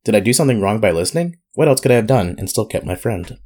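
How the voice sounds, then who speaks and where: A man's voice: on the low side, fast talker, husky. A man co-hosting a casual podcast, joking and laughing and reading an advice letter aloud. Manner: joking, laughs often, lively. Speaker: podcast co-host.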